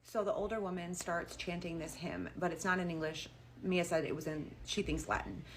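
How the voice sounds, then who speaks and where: A woman's voice: lowish voice, steady tone, brisk, slight background noise. A woman telling a spooky story in a chatty, casual storytime style, full of "like". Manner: chatty, uses like a lot.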